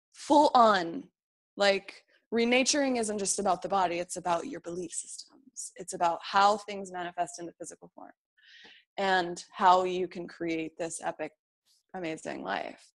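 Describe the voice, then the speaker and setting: A woman being interviewed, talking earnestly and encouragingly about feelings and beliefs, often voicing inner thoughts as quotes. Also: mid-range voice. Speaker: interview guest. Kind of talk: reflective interview talk.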